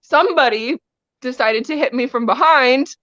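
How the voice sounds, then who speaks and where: A woman's voice: high-pitched, moderate pace, a bit bright, no echo, lo-fi sound. A woman wrestler guest telling a story in a casual interview, laughing often as she talks. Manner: giggly, laughs often while telling stories.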